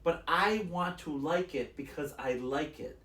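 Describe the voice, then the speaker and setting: A man's voice: fairly high pitch, a little slow, bright, forceful tone, echoey room. A man co-hosting a podcast, telling stories in casual chat and acting out the lines of the people in them. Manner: rambling storyteller, acts out quotes. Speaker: podcast co-host.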